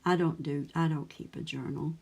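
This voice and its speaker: A woman's voice: low voice, fairly even intonation, moderate pace, vocal fry, dark tone, breathy edge. An older woman hosting a scrapbooking channel, chatting casually and greeting viewers by name while she works on a page. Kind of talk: casual crafting livestream chat.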